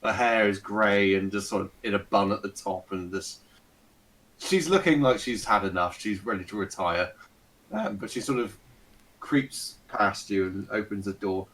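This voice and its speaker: A man's voice: lowish voice, normal speed, a bit bright, low-quality recording. A man narrating a tabletop game as dungeon master, rambling with fillers and hedges.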